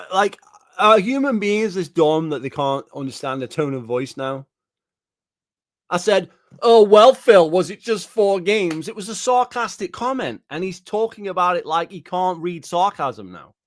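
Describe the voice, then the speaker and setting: Male reaction host, slightly high voice, dry close sound; swears constantly and circles back over the same complaint. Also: very animated, moderate pace, a bit bright, dry recording. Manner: profane, indignant, repeats himself. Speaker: gaming YouTuber reacting to a response video. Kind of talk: angry reaction rant.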